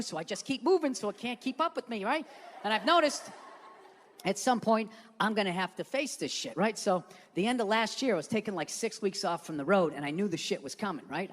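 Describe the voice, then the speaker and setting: A man's voice: sits high, a bit bright, in a large hall. A man in his fifties telling a blunt, profane story as a guest, acting out voices along the way. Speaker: comedian guest.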